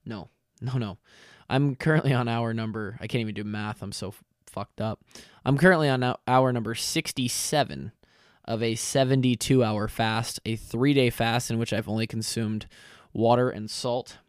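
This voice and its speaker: A young man hosting his own podcast in casual chat, tired and lightheaded from fasting, rambling and correcting himself with lots of fillers. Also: mid-range voice, steady tone, dry recording, clean studio sound. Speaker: podcast host. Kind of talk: casual solo podcast talk.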